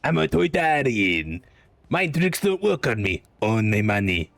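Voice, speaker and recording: A man's voice: mid-range voice, sing-song, measured pace, vocal fry, a bit bright, no room sound, faint music behind, full character voice. A man voicing a greedy, money-hungry male alien junk dealer, scoffing at a mind trick. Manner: haggling, dismissive, accented put-on. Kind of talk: streamer impression.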